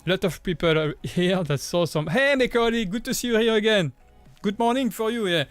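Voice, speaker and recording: French-accented man with a higher voice. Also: clear, resonant tone, dry recording, soft background music. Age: 30s. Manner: halting, many restarts and repeated words; friendly and upbeat. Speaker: livestream host. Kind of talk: casual chat with viewers.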